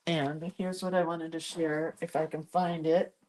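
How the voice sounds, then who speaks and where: Speaking at a measured pace, a woman with a low-pitched, slightly mellow voice and little pitch movement hosts a casual craft demo. She's sniffly and congested, talks while she works, and laughs at herself.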